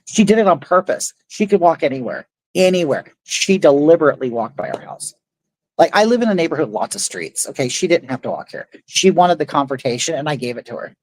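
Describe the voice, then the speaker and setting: A woman's voice: low-pitched, animated, brisk, darkish tone, dry recording, low-quality recording. A middle-aged woman hosting a casual livestream, telling a neighborhood feud story in an indignant, rambling way and reading chat aloud. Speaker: livestream host.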